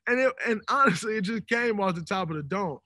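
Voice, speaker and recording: A man in his thirties, a podcast guest telling stories in an animated, emphatic way. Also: high voice, a little fast, no room sound. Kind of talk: casual podcast conversation. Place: podcast studio.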